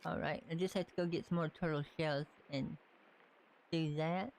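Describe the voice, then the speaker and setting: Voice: medium pitch, fairly even intonation, normal speed, a little hiss or hum. A game streamer from the Southern United States with a light Southern accent, casually chatting and thinking aloud while playing. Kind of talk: casual live-stream gameplay commentary.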